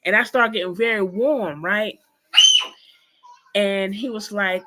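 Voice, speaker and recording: A woman guest in an interview, telling a personal story in an animated, emphatic way and speaking straight to her listeners. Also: mid-range voice, slow pace, long pauses, a little hiss or hum.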